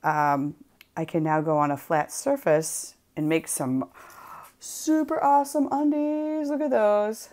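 A woman's voice: deep voice, big pitch swings, darkish tone. A woman hosting a casual craft livestream, playful and giggly as she chats while stamping. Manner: playful, giggly, drawn-out delivery.

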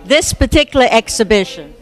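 A woman's voice: a little high, expressive, brisk. A woman hosting a TV interview show at a gallery opening, chatty and upbeat, with jokes about herself. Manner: chatty, upbeat, self-joking. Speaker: TV show host. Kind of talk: casual interview.

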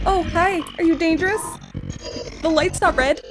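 A woman's voice: sits high, normal speed, pauses often. A young woman streaming a horror game, jumpy and talking to the game as she plays, often exclaiming and swearing at it. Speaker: gaming streamer. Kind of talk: horror game let's play commentary. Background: game music.

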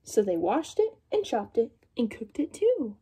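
Lively, high-voiced woman reading a picture book. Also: unhurried, breathy edge. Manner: animated storytelling with questions to young listeners. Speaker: children's story reader.

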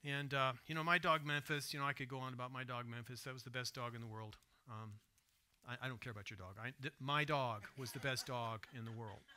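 Bright-voiced preacher with a dramatic delivery. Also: male voice, medium pitch, fairly even intonation, fairly quick. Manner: dramatic, shifting from soft hushed retelling to loud emphatic asides; asks the congregation direct questions. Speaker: pastor. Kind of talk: sermon. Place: church sanctuary.

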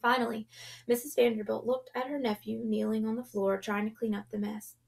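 An audiobook reader, a woman, reads a children's novel aloud in a gentle storytelling voice. Her tone sits a little high with a soft gravelly creak, little pitch movement, and a brisk pace, and she drops to a hush at tense moments.

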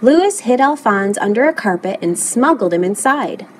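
A woman reads a children's picture book aloud with lots of expression. Her voice sits fairly high and bounces through a wide, lively range, with a faint hum behind her. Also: normal speed, low-quality recording. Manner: expressive, animated storytelling. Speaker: storybook reader.

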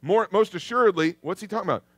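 A man preaching a sermon in a church, lively and conversational, calling out to the congregation. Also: high-pitched, quick pace, dry recording, studio quality. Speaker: pastor. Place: church sanctuary.

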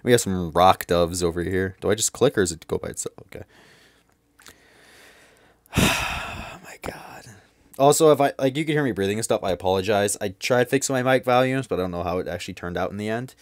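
A man's voice: low voice, no room sound, studio quality. A man casually playing through a visual novel, reading its lines aloud and chatting between them. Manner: chatty, quick asides, reads dialogue aloud. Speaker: let's play gamer.

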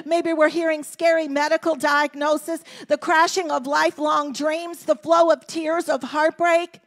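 A woman pastor preaching a sermon in a church, moving from hushed, intimate lines to shouted, passionate exclamations. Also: high voice, level tone, unhurried, hardly any pauses. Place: church sanctuary.

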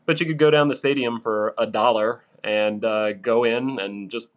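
A podcast guest in his thirties from Arkansas with a vague mid-Atlantic accent chats casually, rambling through asides filled with "you know" and "like." His mid-range voice has fairly even intonation at a normal speed.

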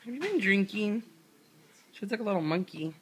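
A woman's voice: medium pitch, sing-song, a little fast, slight background noise. A woman filming a newborn on a home video camera, coaxing the baby in a sing-song way.

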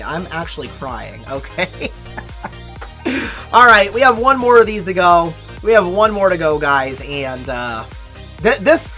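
The voice sits at medium pitch with a sharp tone. It belongs to a mobile game YouTuber doing casual pack-opening commentary, counting down ahead of every card pack and hamming up the misery of bad luck.

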